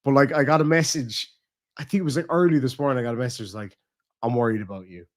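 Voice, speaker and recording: A man's voice: mid-range voice, fast talker. A young man chatting casually with his partner on stream, swearing freely and acting out quotes. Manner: swearing, rambling storytelling with acted quotes. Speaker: streamer host.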